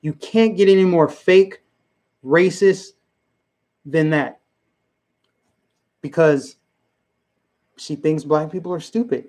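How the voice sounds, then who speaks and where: A man's voice: a little high, slow pace, pauses often, darkish tone. A man hosting a political commentary livestream, talking emphatically and repeating his points while chatting with his viewers. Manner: emphatic and repetitive, chatting with the live chat. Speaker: livestream host.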